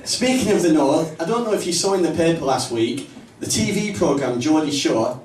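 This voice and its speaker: A man with a Northern English accent doing a stand-up comedy set in a small pub club, with punchy, deadpan delivery. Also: on the high side, normal speed, slight background noise. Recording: roomy, distant live mic, faint ambience.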